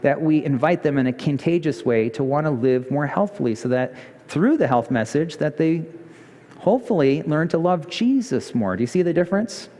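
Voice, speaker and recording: Animated male pastor in echoing church. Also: normal speed. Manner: animated storyteller, rising pitch for emphasis. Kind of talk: sermon with storytelling. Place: church sanctuary. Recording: church hall reverb.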